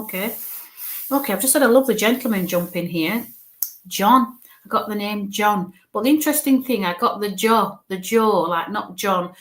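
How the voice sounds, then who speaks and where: A woman's voice: mid-range voice, fairly bright tone. A woman working as a spirit medium, giving a live reading to viewers in a chatty, reassuring way. She thinks aloud as she relays what she senses, with many "okays" and "bless yous". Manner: chatty and reassuring, full of "okay" and "bless you".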